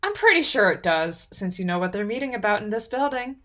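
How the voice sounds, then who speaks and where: A woman voicing a young dragon in human form, sharp and sarcastic. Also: mid-range voice, very animated, brisk, pitched above the performer's own voice. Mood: defiant. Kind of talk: storybook character voice.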